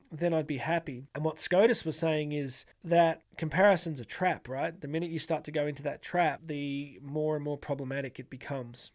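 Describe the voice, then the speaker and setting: A middle-aged man giving an energetic motivational talk to camera, acting out the voices of doubters and often restarting his sentences. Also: a little high. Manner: repeats words as he restarts sentences. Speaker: motivational speaker.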